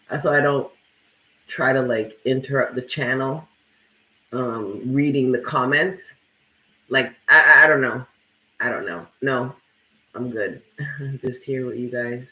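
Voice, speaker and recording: Reading out viewer comments on his tarot live stream, this man chats bluntly and casually, full of profanity and frequent "like"s. His mid-range voice is bright and forceful, and the low-quality recording sounds roomy.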